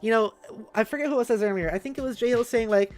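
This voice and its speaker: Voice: mid-range voice, fast talker. A streamer casually reading a story aloud on a live stream, breaking off for joking, sometimes cursing asides to chat. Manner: chatty, swears casually.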